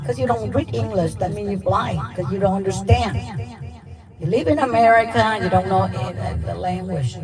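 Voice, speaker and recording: Vietnamese-accented woman on a livestream, talks real slow and halting, repeats herself, mic kinda far off. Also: medium pitch, a crowd in the background. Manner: halting, repeats words for emphasis. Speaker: livestream host. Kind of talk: personal storytelling on a livestream. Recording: distant mic with music behind.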